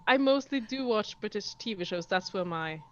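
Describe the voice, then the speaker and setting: A woman's voice: mid-range voice, lively intonation, normal speed, slight background noise. A woman with a Norwegian accent chatting casually, a bit hesitant with fillers. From Norway. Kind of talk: casual group chat. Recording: dull dry sound.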